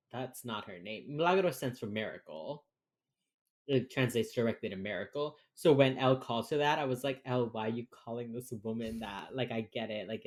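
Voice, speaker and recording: A man co-hosting a podcast, tipsy and ranting with heavy sarcasm and casual swearing while recapping a TV episode. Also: mid-range voice. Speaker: podcast co-host.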